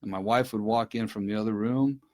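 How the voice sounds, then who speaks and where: A man's voice: fairly low pitch, fairly quick, a little mellow. A middle-aged man speaking earnestly and directly to listeners on a casual live stream from his desk at home. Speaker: recovery speaker.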